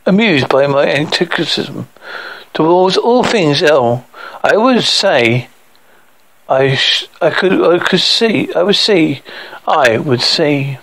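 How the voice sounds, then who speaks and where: A man's voice: on the high side, a bit bright, poor audio. A man reading a horror story aloud as narrator, an unpolished reading with stumbles and restarts.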